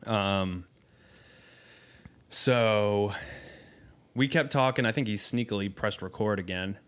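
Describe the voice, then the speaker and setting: A man as a podcast guest, telling a candid, profane story in a casual, halting way with frequent ums. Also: fairly low pitch, a bit bright, smooth.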